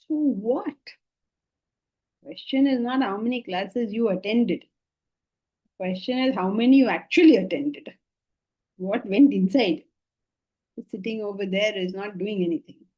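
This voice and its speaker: A woman's voice: medium pitch, normal speed, pauses often, muffled recording. A woman with an Indian English accent giving a scripture lecture, emphatic and repeating key phrases, slipping into Sanskrit and Hindi. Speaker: Vedanta teacher.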